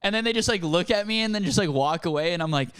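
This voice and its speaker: A man's voice: quick pace, clear, resonant tone, no room sound. A young man co-hosting a podcast, telling a rambling story with lots of laughter and acted-out quotes. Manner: animated, laughing, acts out quotes in a higher voice. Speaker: podcast co-host. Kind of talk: casual storytelling chat.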